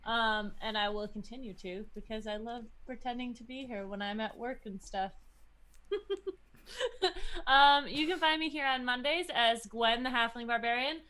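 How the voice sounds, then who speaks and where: A woman's voice: a little high, moderate pace, bright, forceful tone, clean tone. A woman who plays tabletop games, chatting casually in a scattered way and laughing at herself. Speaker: tabletop game player. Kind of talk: casual chat.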